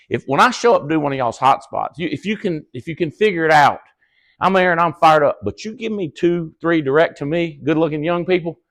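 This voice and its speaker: A man giving a casual motivational talk to his team, folksy and blunt, swearing and laughing often as he tells stories. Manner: animated storyteller, acts out quoted dialogue in high excited voices. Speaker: business leader speaking to his team. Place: cabin event room with a live audience.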